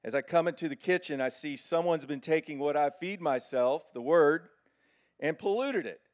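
A middle-aged man preaching a sermon with animated, folksy storytelling. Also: on the high side, normal speed.

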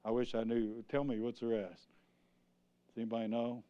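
A male preacher giving an exuberant sermon, breaking into sudden shouts and asking the congregation to answer him. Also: mid-range voice, flat delivery, moderate pace, highs cut off.

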